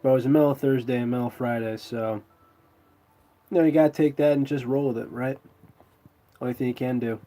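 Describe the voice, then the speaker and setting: A man's voice: medium pitch, steady tone, brisk, pauses often, mellow. A man with a stuffy nose from a cold, chatting in a laid-back way with viewers as host of his live stream. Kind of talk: casual live stream chat.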